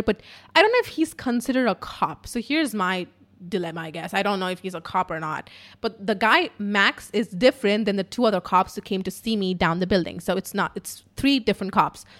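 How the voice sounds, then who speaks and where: A woman podcaster telling a personal story in casual, emotional speech, swearing often and filling with "like.". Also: medium pitch. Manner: emotional, frequent swearing, lots of "like" fillers. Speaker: podcaster and YouTuber.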